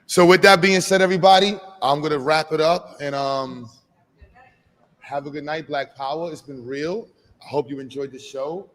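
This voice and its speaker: A man's voice: on the high side, moderate pace, fairly bright tone. A man hosting a live expo, coaxing a child with playful, hype-filled encouragement. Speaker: event host. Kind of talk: energetic live event hosting.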